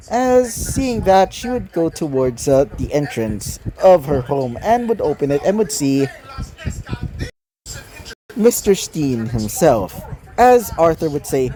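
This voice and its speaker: A man's voice: fairly high pitch, very animated, unhurried, warm tone, low-quality recording. A man casually narrating his own fan fiction story, rambling with lots of fillers and self-corrections.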